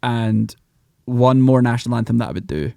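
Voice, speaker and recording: A man with a Scottish accent, a podcast guest who talks in animated, rambling bursts. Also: medium pitch, moderate pace, gravelly, clean tone, dry recording. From Scotland. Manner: animated, rambling, breaks into mock voices. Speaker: podcast guest, country singer. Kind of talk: casual podcast chat.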